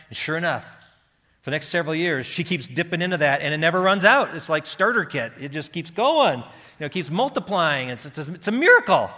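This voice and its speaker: A man preaching a sermon with passion, dropping to hushed tones and rising to loud pleading. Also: on the high side. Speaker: pastor. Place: church hall. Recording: reverberant hall.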